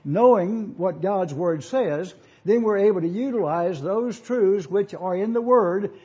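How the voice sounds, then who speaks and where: Guy preaching in an auditorium, kinda husky mellow voice, dull lo-fi sound. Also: high voice, animated, unhurried. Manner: teaching and asking listeners to follow in their Bibles. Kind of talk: sermon.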